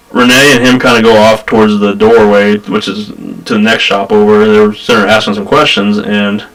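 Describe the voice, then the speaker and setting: A man hosting a paranormal show, telling a story in animated casual chat. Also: on the low side, rough recording. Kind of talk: casual chat on a live stream.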